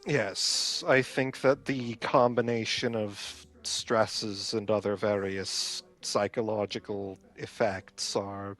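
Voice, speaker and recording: A man voicing a flustered, bookish young male healer who gives halting, stammering explanations. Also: on the low side, steady tone, fairly bright tone, faint music behind, voice pushed down. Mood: hesitant.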